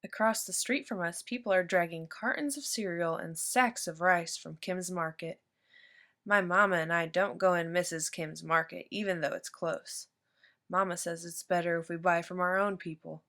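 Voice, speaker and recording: A woman reading a children's picture book aloud in steady, even narration. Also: on the low side, normal speed. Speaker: storyteller.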